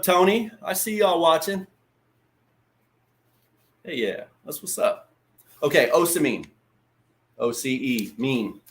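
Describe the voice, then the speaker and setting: A man hosting a casual livestream lesson. He talks in a loose, chatty way, swears freely and greets viewers by name. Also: mid-range voice. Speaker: livestream host.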